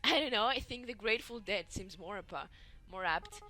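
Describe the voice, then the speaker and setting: A young woman hosting a gaming video, reading a story game aloud with giggly, animated reactions. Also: mid-range voice, fairly quick, faint music behind.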